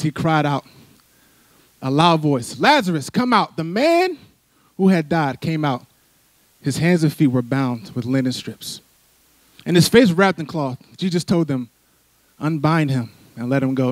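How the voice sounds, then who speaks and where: A man's voice: fairly high pitch, a little mellow, dry recording. A middle-aged man from Philadelphia preaching a sermon, conversational and full of "right?" asides. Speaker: church speaker. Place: church sanctuary.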